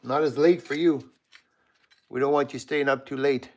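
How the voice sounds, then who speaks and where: Canadian man, live-stream host, easygoing workshop chatter, mid pitch, faint noise behind. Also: steady tone, moderate pace, darkish tone. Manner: chatty, greets viewers by name while working. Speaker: livestream host. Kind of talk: casual live-stream chat while working.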